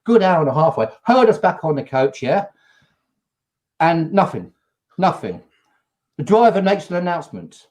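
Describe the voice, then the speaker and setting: Male host from England, casual and animated storyteller, slightly high voice. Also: moderate pace, long pauses. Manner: animated, acts out quotes. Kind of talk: casual storytelling on a live show.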